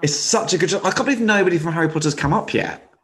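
A man's voice: high-pitched, rapid-fire. A man co-hosting a podcast in casual chat, easygoing, asking questions and chuckling. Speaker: podcast co-host.

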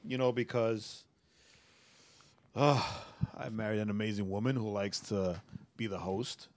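A man's voice: fairly low pitch, steady tone, measured pace, dry recording. A man co-hosting a podcast, laid-back and laughing easily in casual chat. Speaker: podcast co-host.

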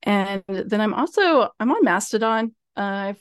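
A woman's voice: mid-range voice, lively intonation, unhurried, clear, resonant tone, no echo, clean studio sound. A woman professor as a podcast guest, chatting casually and laughing easily.

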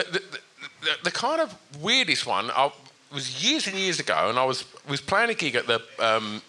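A man, co-hosting a podcast recorded live in front of an audience, telling stories with lots of swearing and laughter. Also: mid-range voice. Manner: animated, sweary, laughing storyteller. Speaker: podcast co-host.

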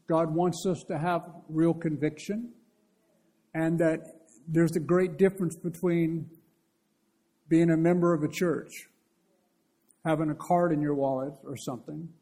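Male preacher, higher register, husky, earnest lively storyteller. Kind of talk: conversational sermon.

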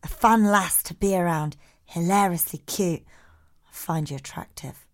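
Casting: a woman doing a blunt crude bloke, flat and a bit lower than her own voice. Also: normal speed, lightly acted. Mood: deadpan. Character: blunt crude man sending texts.

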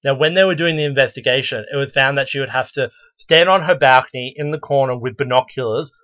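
A man's voice: medium pitch, fast, fairly bright tone, no room sound. A man co-hosting a casual podcast chat, telling blunt, joking stories with lots of animation. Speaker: podcast co-host. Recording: dull lo-fi recording.

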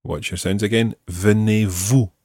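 A man teaching a French lesson, slowly modelling phrases for the listener to repeat. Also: on the low side, sing-song, a little mellow, no room sound, studio quality. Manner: slow, carefully enunciated model phrases. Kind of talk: language lesson.

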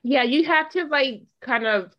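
A woman co-hosting a podcast, chatting casually about reality TV with wry, quick quips. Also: high voice, muffled recording. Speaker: podcast co-host. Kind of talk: casual TV recap chat.

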